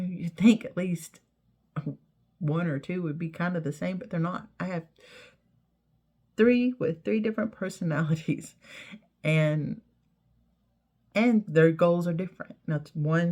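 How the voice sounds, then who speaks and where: A woman's voice: low voice, a little mellow. A middle-aged woman talks to her viewers in a casual, heartfelt way, rambling and repeating herself with many "you know"s. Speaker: vlogger. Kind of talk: casual heartfelt talk to camera.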